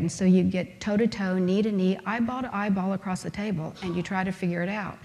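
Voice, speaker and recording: At a conference, a woman lectures with emphasis, posing rhetorical questions and drawing on everyday examples. Her medium-pitched voice is warm and steady, moving a little fast, and a long hall reverb trails her words.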